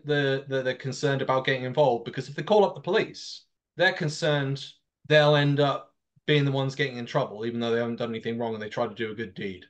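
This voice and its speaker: A man, a podcast host telling a long story in a casual political discussion. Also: on the high side. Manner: animated storytelling, long run-on turns.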